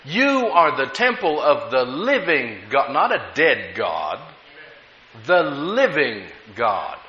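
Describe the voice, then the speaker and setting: Lively, bright-voiced preacher man. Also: mid-range voice, slow pace. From United States. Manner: lively preaching with rising emphasis and storytelling. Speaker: pastor. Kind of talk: sermon. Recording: echoey room, dull lo-fi sound.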